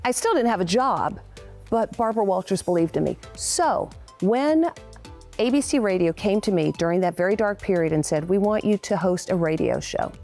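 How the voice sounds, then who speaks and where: A woman in her sixties sits for a television interview and tells personal stories openly. She acts out the people she quotes with lively voices, and her own speaking pitch sits mid-range. Soft music plays faintly underneath. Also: normal speed. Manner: candid and animated, acts out quoted dialogue. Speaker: interview guest. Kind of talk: conversational storytelling.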